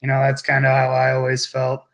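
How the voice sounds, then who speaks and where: A man hosting a casual podcast chat, talking in a relaxed, hesitant way. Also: medium pitch, fairly quick, creaky. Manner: relaxed, hesitant, with many restarts.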